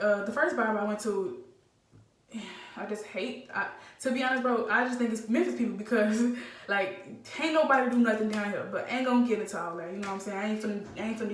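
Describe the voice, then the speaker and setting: A young woman telling a casual storytime vlog, animated and slangy with lots of fillers. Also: mid-range voice. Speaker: vlogger. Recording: roomy, slightly distant phone mic.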